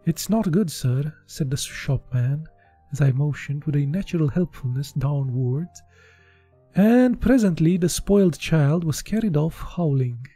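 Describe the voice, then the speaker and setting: A man's voice: fairly high pitch, unhurried, warm tone, slightly rough, no echo, soft background music. A man from Eastern Europe doing a casual, unpolished live reading of a book, with slips and restarts. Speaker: audiobook reader.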